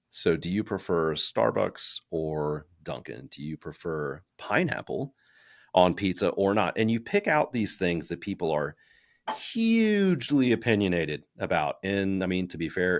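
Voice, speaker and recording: Deep voiced guy cohosting a podcast, lots of ums and restarts, dry close sound. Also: dry recording. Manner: chatty, many fillers and restarts, acts out quotes. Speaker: podcast co-host. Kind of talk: casual podcast chat about personal branding.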